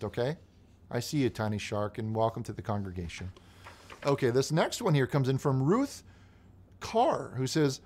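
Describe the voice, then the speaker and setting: Flustered male host with halting speech. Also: medium pitch, sing-song. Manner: halting, flustered, many restarts. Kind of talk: comedic call-in show hosting.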